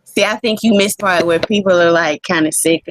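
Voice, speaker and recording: A woman co-hosting a casual wrestling podcast, animated and profane, laughing often. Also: on the low side, fairly quick, no room sound. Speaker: podcast co-host.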